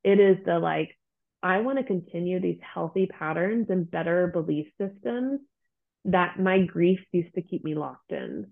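A woman's voice: on the low side, animated, measured pace, vocal fry. A woman guest, a therapist, speaking earnestly in casual interview talk and acting out her clients' voices. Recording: tinny phone-like line.

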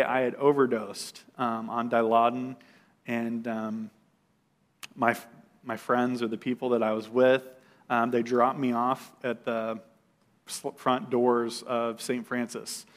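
A man's voice: mid-range voice, fairly bright tone. A man sharing a personal testimony in a loose, conversational way, with fillers and restarts and an occasional laugh at himself. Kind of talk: casual personal testimony storytelling.

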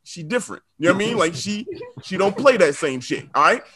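Male storyteller, 30s; high, bright voice, animated and laughing. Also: quick pace, breathy edge. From South Side of Chicago. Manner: animated, laughing often, slangy asides to the audience. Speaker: storyteller on a comedy show. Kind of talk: comic storytelling.

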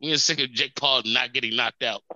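A man's voice: medium pitch, fairly even intonation, fairly quick, pushed and bright, dry recording, dull audio. A man co-hosting a podcast, talking loosely and rambling, laughing often between points. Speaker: podcast co-host. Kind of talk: casual chat.

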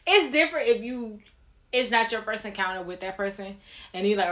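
A woman's voice: medium pitch, animated, fairly quick, pushed and bright. A woman co-hosting a podcast, talking frankly and animatedly, often laughing. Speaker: podcast co-host. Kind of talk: casual chat.

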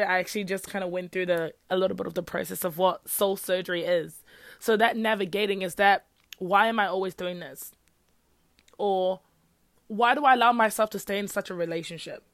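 A woman's voice: medium pitch, dry recording, clean studio sound. A young woman hosting a faith-based talk, speaking earnestly and firing off rhetorical questions in a casual teaching style. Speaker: podcast host.

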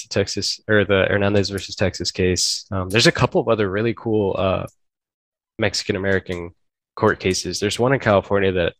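Low-voiced man hosting a podcast. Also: a bit bright, no room sound. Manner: earnest, blunt, self-correcting. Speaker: podcast host. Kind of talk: casual discussion.

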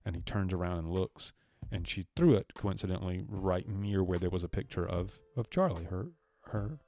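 A man's voice: sits low, normal speed, mellow. A man co-hosting a podcast, loosely retelling a film's scenes and acting out the characters' lines. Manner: loose, rambling, many restarts. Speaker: podcast co-host. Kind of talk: casual movie recap chat.

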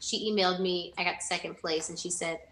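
Earnest young woman, lower voice, echoey room. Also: steady tone, brisk, a bit bright, a little hiss or hum. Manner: earnest, rambling with restarts. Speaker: interviewee, former student. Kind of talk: casual conversational interview.

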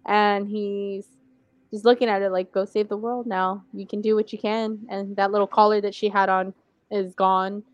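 A woman in a casual podcast chat, recapping in a relaxed, chatty way. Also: medium pitch, moderate pace, no room sound. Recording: dull dry sound.

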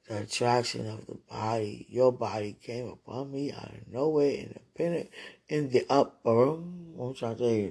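A woman with a very deep, creaky, mellow, husky voice talks into a phone held close, as if speaking live to a loved one. She is emotional and repetitive, with a prayerful tone.

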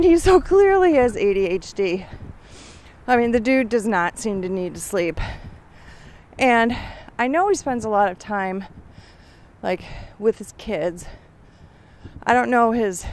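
A woman's voice: fairly high pitch, slight background noise. A middle-aged woman thinking aloud with many fillers while on a walk outdoors, a little out of breath. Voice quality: weak lungs from years of smoking. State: out of breath from walking uphill. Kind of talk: casual walking vlog monologue.

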